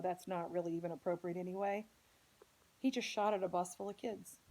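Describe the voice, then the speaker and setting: A woman's voice: lowish voice, fairly even intonation, brisk, darkish tone, low-quality recording. Earnest woman telling a personal story. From Indianapolis, United States. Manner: earnest, emotional retelling. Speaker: podcast host.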